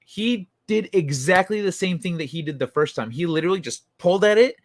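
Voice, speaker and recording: A man's voice: high-pitched, lively intonation, a little fast, dry recording. A man hosting a casual livestream chat, talking in a rambling, profane way with frequent restarts. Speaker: livestream talk show host.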